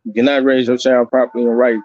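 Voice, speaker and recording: A man's voice: medium pitch, little pitch movement, fast, a little mellow, dull audio. Blunt, profane man lecturing. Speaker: podcast host. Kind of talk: casual opinionated talk.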